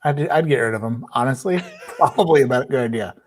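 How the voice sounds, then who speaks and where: A man's voice: mid-range voice, fast talker. A man on a podcast, chatting casually with friends in a dry, self-mocking way. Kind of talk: casual chat among friends.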